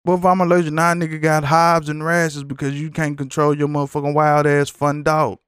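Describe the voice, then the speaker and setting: A man hosting a podcast, ranting in a blunt, profane, animated way in a casual chat. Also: a little high, a little fast, clear, resonant tone, no room sound, studio quality. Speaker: podcast host.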